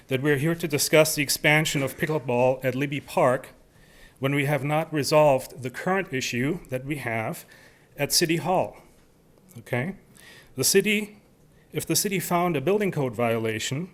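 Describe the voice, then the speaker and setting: A man's voice: a little high, fairly bright tone. A man making a formal, argumentative public comment at a city council meeting.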